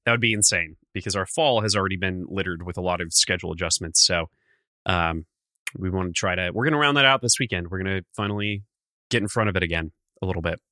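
A man co-hosting a podcast in casual chat, nasal and congested from being sick, easygoing and quick to laugh. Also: sits low, bright, forceful tone, no echo. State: congested, recovering from illness. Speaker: podcast co-host.

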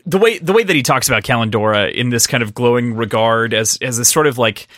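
A man's voice: medium pitch, animated, fast, a bit bright, no room sound, studio quality. A man co-hosting a casual book discussion, joking and laughing often. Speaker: podcast co-host.

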